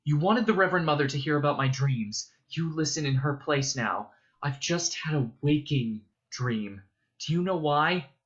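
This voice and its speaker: Guy reading a bitter teen noble son, urgent, pushes into shouts, bit muffled sound. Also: a little high, moderate pace, voice pushed up, natural voice. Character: intense teenage noble son, bitter, awakening.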